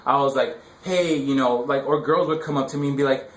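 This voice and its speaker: A man's voice: medium pitch, steady tone, fast talker. Rambling young man, roomy echo. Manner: rambling, filler-heavy slang. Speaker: dating advice vlogger. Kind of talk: casual advice monologue.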